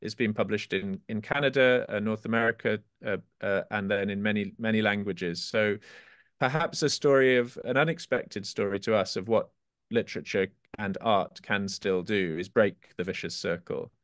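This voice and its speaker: Low-voiced author, halting. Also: male voice, a bit bright, no room sound, clean studio sound. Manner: halting, many restarts, reads poems slowly. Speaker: author guest. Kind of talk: interview and poetry reading.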